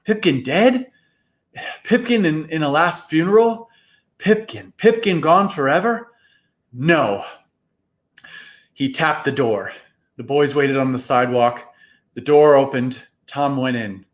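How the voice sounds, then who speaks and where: A man reading a storybook aloud in a live reading, with an expressive, dramatic delivery. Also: a little high, slow pace, pauses often.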